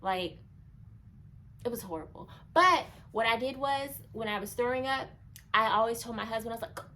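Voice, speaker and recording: A young woman vlogging casually to camera, chatty and animated, acting out past moments in a higher voice. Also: normal speed, low-quality recording.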